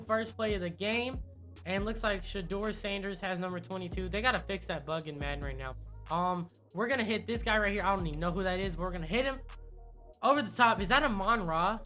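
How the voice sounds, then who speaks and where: A young man giving casual, excitable play-by-play commentary on a football video game, with lots of fillers. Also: high voice. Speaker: gaming YouTuber.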